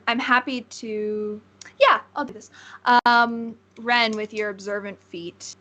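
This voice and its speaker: A woman's voice: medium pitch, fairly bright tone. A woman narrating as game master of a tabletop game, rambling and searching for words with many fillers.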